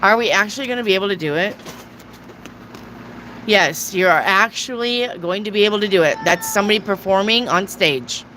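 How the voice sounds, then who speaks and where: Blunt tarot-reading woman, bright voice. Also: medium pitch, a little fast, slight background noise, rough recording. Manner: blunt, swearing, casual. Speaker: tarot reader. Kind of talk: live tarot reading with chat questions.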